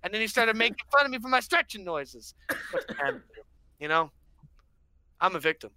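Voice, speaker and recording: A man's voice: high-pitched, sing-song, brisk, sharp tone, no room sound. A young man on a podcast with friends, rambling through a mock-dramatic story and acting out what people said. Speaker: podcast co-host. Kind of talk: casual chat.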